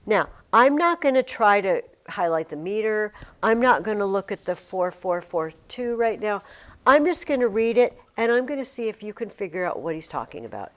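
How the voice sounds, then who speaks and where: Animated woman teacher chanting rhythms. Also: mid-range voice, normal speed. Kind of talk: classroom teaching. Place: classroom.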